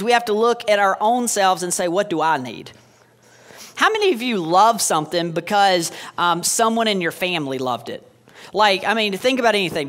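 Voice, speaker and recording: A man's voice: high-pitched, fairly bright tone. A man in his thirties, a pastor preaching a sermon with joking asides and sarcastic humor.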